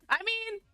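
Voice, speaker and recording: Giggly woman streamer, high bright voice, casual chat, faint music behind. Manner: giggly, laughs often. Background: faint background music.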